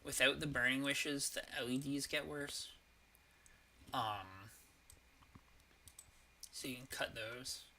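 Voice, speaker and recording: A man talks through his card game as he plays, weighing each choice out loud with pauses and fillers. His voice has a very bright, sharp edge. A faint hiss of noise sits behind him. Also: mid-range voice. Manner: thinking aloud, hesitant, with fillers and swearing. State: has the hiccups. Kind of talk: casual gameplay commentary.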